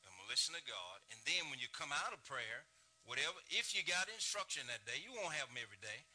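Bright-voiced preaching pastor. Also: male voice, mid-range voice, sing-song, fast talker, slightly rough. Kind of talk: sermon.

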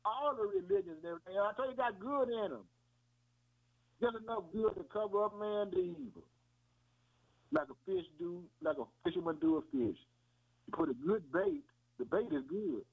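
A man delivers a folksy, informal sermon, repeating himself and often calling listeners "man" and "boy." His voice is high-pitched, sing-song and creaky, at normal speed with frequent pauses. The audio is tinny, like radio over a phone.

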